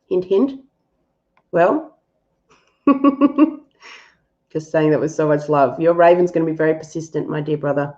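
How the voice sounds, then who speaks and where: A woman's voice: sits low, unhurried, pauses often, warm tone, highs cut off. A woman hosting a live-stream animal reading and answering viewers, affectionate and thinking aloud with fillers.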